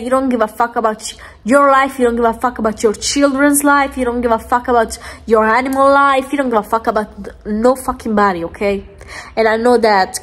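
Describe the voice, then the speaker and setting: A woman vlogging from home, ranting angrily with lots of swearing and emphatic repeats. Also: on the high side. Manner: angry, profane, emphatic ranting. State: angry. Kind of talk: ranting vlog chat. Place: lying down at home.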